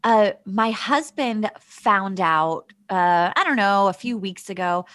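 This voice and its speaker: A woman's voice: medium pitch, slow pace, fairly bright tone, dry recording, studio quality. A woman co-hosting a podcast in casual comedic chat, candid and laughing often. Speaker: podcast co-host.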